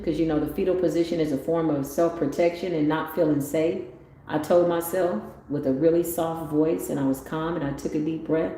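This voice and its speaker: A woman giving a motivational spiritual talk on a livestream, animated and swinging up into excited exclamations. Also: low-pitched. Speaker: spiritual tarot reader. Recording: very echoey room with faint ambient noise.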